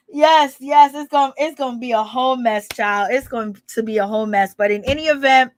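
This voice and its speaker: A woman hosts a casual gossip recap, talking in an animated, dramatic way with frequent laughs and exclamations. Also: sits high, moderate pace. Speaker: gossip show host.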